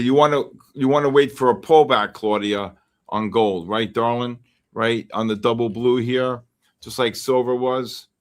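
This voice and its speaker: Chatty male trading-stream host. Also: medium pitch. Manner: chatty, calls out viewers by name and coaches them. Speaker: futures trading livestream host. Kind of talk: live trading commentary.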